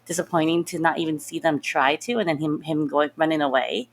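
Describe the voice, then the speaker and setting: A woman guest on a podcast, chatting casually and telling things in an animated, tumbling way. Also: low-pitched, a little fast, slight background noise. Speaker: podcast guest, freelance writer.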